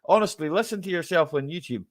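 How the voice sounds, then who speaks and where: A man's voice: a little high, fast, no room sound, studio quality. A man hosting a casual live-stream chat, teasing his guests in jokey banter.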